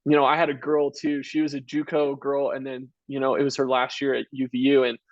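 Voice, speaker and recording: A man's voice: mid-range voice, completely flat delivery, fairly quick, dry recording, highs cut off. A man around thirty, a college track coach, answering interview questions casually and earnestly, with many "you know" and "like" fillers. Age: about 30.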